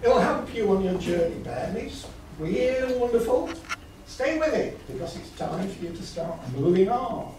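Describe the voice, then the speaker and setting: A man playing a genial, gravelly-voiced hippie bus leader who mentors a young traveller, read live on stage. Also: high voice, animated, unhurried, darkish tone. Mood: hearty. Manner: hearty, preachy encouragement. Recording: echoey hall, far mic, background noise.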